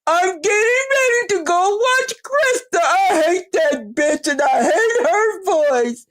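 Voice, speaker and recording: A shrill, whining jealous woman, pitched way up and nagging with fake tears in her voice, as a vlogger puts her on to mock her. The delivery is exaggerated and sneering. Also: lively intonation, slow, heavily acted. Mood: whiny. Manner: high, nagging, mock-tearful. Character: whiny jealous woman rival, mocked.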